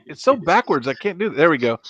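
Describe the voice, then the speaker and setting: A man's voice: on the high side, quick pace, muffled recording. A man hosting a casual livestream, reading viewer comments aloud and teasing playfully. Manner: playful, teasing, lively delivery. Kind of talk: casual live chat.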